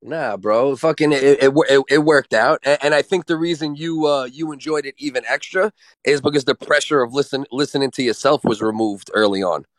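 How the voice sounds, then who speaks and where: A man's voice: mid-range voice, brisk, dry recording. A man co-hosting a podcast, easygoing and agreeable in casual banter. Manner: agreeable, laid-back, lots of "yeah". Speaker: podcast co-host.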